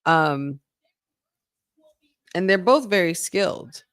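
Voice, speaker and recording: A woman's voice: on the low side, lively intonation, takes it slowly, fairly bright tone, smooth, no room sound, clean studio sound. A woman co-hosting a wrestling podcast, chatting casually during a live watch-along, reacting aloud and reading viewer comments.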